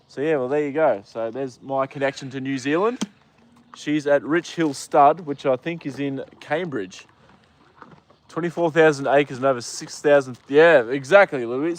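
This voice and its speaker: A young Australian man hosting a casual live stream outdoors with his horse, greeting viewers by name with lots of fillers. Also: on the high side. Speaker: livestream host.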